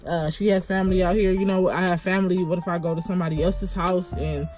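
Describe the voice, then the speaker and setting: A woman's voice: fairly low pitch, fairly even intonation, fast, music in the background. A woman vlogger retelling a personal story in a casual, rambling way, full of "like" and "you know.".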